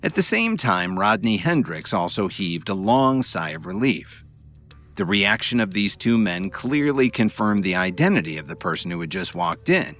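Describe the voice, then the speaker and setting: A man reading a web novel aloud as an audiobook, telling it in a dramatic, expressive way. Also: fairly low pitch, normal speed, soft background music. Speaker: narrator.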